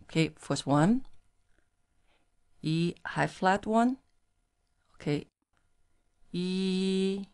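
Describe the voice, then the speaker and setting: A woman whose first language is Mandarin Chinese, teaching pinyin in English and slowly modelling tones for the learner to repeat. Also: deep voice, animated, a little mellow. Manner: slow, clearly modelled syllables. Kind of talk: language lesson with tone drills.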